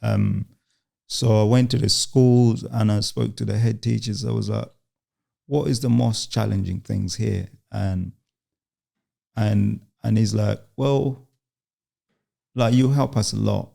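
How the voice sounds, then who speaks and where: A young man from Uganda, a guest in an interview, telling his story in a halting way with many restarts and quoted lines. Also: lowish voice, fairly even intonation, creaky, warm tone. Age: young adult.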